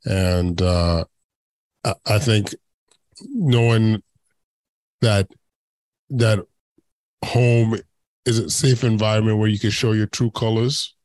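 A man hosting a casual conversation, speaking in a halting, reflective way. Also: on the low side, a little mellow, dry recording.

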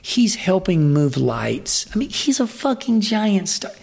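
A man's voice: high-pitched, unhurried, vocal fry. A man, a Hollywood fight trainer, telling profane, rambling stories in a casual interview, full of restarts. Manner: profane, rambling, animated anecdotes with many restarts. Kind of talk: casual storytelling in a podcast interview.

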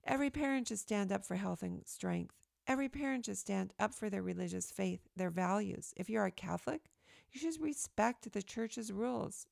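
A woman reading her own opinion essay aloud in an earnest, emphatic, steady way, recorded close to the mic. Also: mid-range voice, moderate pace, gravelly, dry recording.

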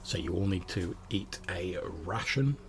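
Gravelly, low-voiced game master. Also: male voice, a little slow, background noise. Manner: loose, filler-heavy narration. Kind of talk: narrating a tabletop game.

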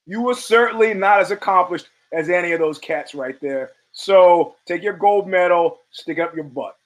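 A man's voice: sits high, normal speed, poor audio. A male show host giving a blunt, rambling commentary monologue full of profanity and restarts.

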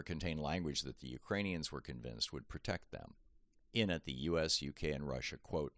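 Male commentator, extremely low voice, reads his essay aloud with emphasis, dry booth sound. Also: vocal fry, fairly bright tone, dry recording. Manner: measured, emphatic reading with pointed asides. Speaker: commentator reading his own article. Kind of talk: read-aloud political essay.

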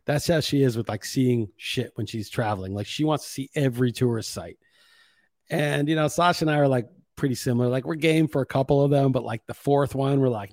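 A man's voice: medium pitch, a little fast, a little mellow, no room sound, studio quality. A man in his forties hosting a podcast, rambling and venting with lots of swearing in a casual monologue. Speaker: podcast host.

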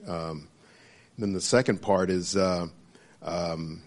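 Low voiced guy reflecting out loud, lots of ums and pauses. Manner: halting, many pauses and fillers. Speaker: church small-group member. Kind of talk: casual reflective sharing.

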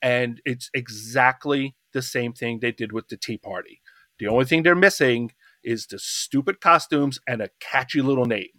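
A man's voice: medium pitch, normal speed, pushed and bright, no room sound, studio quality. A middle-aged man co-hosting a podcast, talking in a casual roundtable discussion, impassioned and rambling with restarts. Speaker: podcast co-host.

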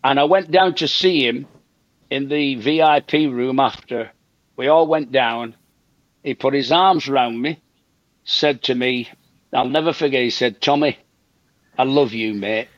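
A man's voice: medium pitch, measured pace, no echo, lo-fi sound. An older man, telling a story as a guest in a casual chat and repeating himself for emphasis. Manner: animated anecdote teller, repeats himself for emphasis, acts out quotes. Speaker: guest comedian.

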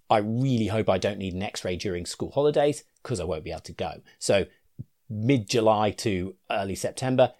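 Male clinician-educator, low and animated, conversational with asides. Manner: reasoned, conversational, with fillers and asides. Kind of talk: explanatory talk to clinicians.

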